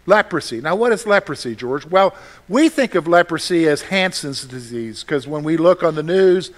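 A man's voice: fairly high pitch, animated, moderate pace. A man preaching a sermon as pastor, talking conversationally, repeating phrases and putting questions to the congregation.

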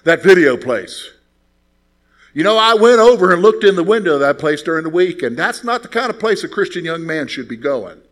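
A man voicing an older male church deacon who scolds a young man, loud and self-righteous. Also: a little high, sing-song, a little fast. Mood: scolding.

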